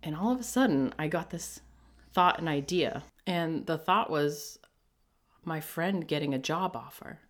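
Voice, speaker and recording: A middle-aged woman with a low voice tells a personal story on her podcast. She talks casually and with animation, acting out what people said and laughing as she goes. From New England. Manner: animated, jumps into quoted voices, laughs often. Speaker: podcast host.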